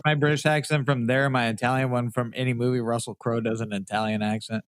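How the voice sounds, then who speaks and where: A man's voice: mid-range voice, flat delivery, quick pace, clear, resonant tone, no room sound, studio quality. A man hosting a podcast in casual chat, talking loosely with lots of swearing and laughing. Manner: loose, profane, laughing often. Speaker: podcast host.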